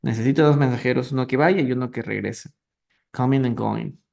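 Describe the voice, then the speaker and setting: This Peruvian teacher talks fast in a creaky, darkish, medium-pitched voice while leading a live online English reading class. He greets viewers, quizzes students, and patiently repeats and translates words, captured on a phone or computer mic for the stream.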